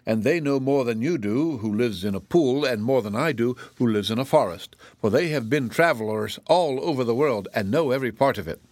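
A man's voice: medium pitch, expressive, brisk, few pauses, a little mellow, no room sound, close to an everyday voice. A man voicing a proud, pompous male zebra in a storybook reading, with a formal and indignant way of speaking. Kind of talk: audiobook reading.

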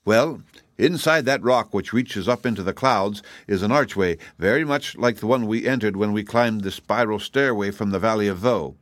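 A man voicing a calm, kindly little old wizard in an audiobook reading. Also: fairly low pitch, normal speed, no echo, lightly acted.

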